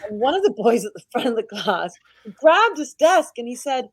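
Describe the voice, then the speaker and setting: A British head teacher, a woman, telling stories in a casual interview, outspoken and animated. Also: high voice, moderate pace, husky, no echo. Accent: British English. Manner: outspoken, animated storytelling with laughs.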